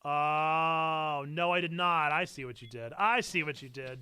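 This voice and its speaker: A young man streaming a video game live, commenting as he plays and breaking into excited shouts. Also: on the high side, a little slow, clear, resonant tone, no room sound.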